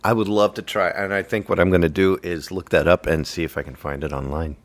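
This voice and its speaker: Playful, low-voiced male podcast co-host. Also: steady tone, fairly quick, no room sound. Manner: joking, teasing, playful. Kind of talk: casual chat.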